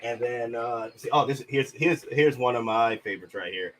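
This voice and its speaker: A man with a cold hosting a casual livestream. He talks in a mellow, subdued way and often stumbles and restarts his sentences. His voice sits at an ordinary middle pitch. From Houston. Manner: mellow, halting, many restarts. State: has a cold. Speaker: livestream host.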